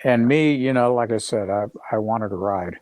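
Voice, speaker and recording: A middle-aged man telling a story as a guest on a live video call, rambling and halting with many fillers and restarts. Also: lowish voice, a little mellow, no room sound.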